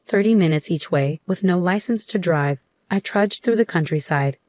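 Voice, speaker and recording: A woman in her thirties narrating a first-person story in an even, scripted telling. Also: on the low side, moderate pace, dry recording. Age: 30s.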